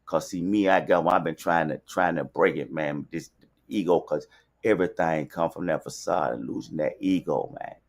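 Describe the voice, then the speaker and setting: Deep-voiced Southern man from Alabama, podcast host, rambling and preachy. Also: normal speed, gravelly. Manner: loose, repetitive, preachy street talk. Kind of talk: casual livestream monologue. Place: podcast studio.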